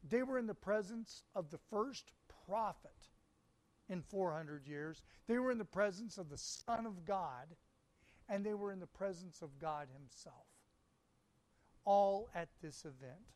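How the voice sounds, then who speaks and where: A man preaching a sermon, reading scripture aloud and speaking with deliberate, emphatic pauses. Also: sits high, expressive, darkish tone.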